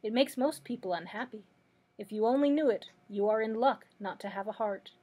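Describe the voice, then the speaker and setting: A woman's voice: fairly high pitch, brisk, husky. A woman reading aloud as an old man who is a false wizard, confessing meekly. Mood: reassuring. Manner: confessing, gentle storytelling delivery. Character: old male humbug wizard, meek and apologetic.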